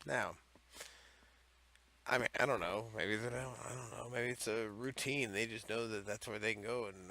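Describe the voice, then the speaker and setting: Male host, sharp bright voice, loose sarcastic rambling commentary with swearing. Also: lowish voice, normal speed, a little hiss or hum. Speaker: host of a comedy series on odd laws. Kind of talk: casual comedic commentary.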